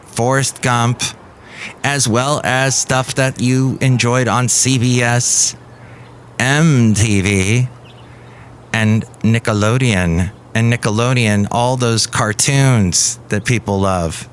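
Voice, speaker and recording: A male podcast host runs through the news in a comedic monologue, breaking off for puns and silly asides. His voice is mid-pitched and ordinary, and faint noise hums underneath. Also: fairly bright tone. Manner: goofy, punning, playful asides.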